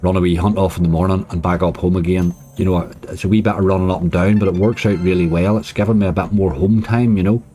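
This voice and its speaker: A man's voice: low voice, steady tone, quick pace, hardly any pauses, warm tone, soft background music. A man casually commenting on his slot play, chatty and cheering when bonuses land. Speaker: slots streamer.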